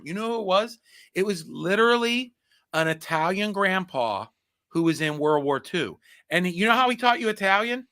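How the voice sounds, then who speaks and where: A podcast host in his forties with a high voice chats casually, telling animated stories packed with put-on quotes and laughter.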